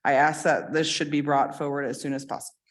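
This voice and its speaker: A woman's voice: sits low, steady tone, fast talker. A woman on a town board reading out a formal motion carefully. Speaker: town trustee.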